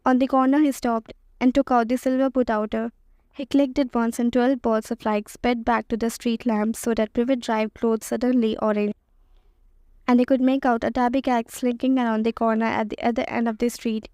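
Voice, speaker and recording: A woman narrating an audiobook in a steady, even reading voice. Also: on the high side, normal speed, no room sound. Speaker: audiobook reader.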